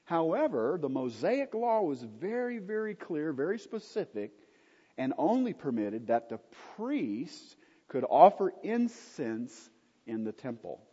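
A man's voice: fairly high pitch, sing-song, measured pace, dark tone, breathy edge. A man teaching from the Bible in an emphatic way, often asking his listeners rhetorical questions. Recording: dull, lo-fi recording in an echoey hall.

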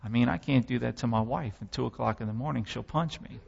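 A man's voice: medium pitch, fast, vocal fry, in a large hall, lo-fi sound. A man giving a sermon testimony, telling his story with impassioned, dramatic swells.

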